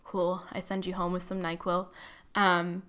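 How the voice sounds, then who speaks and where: Chatting about her life as a college student, this young adult woman fills her talk with likes and you-knows and teases herself for being dramatic. Her voice is on the low side, clean and fairly bright, delivered completely flat and unhurried.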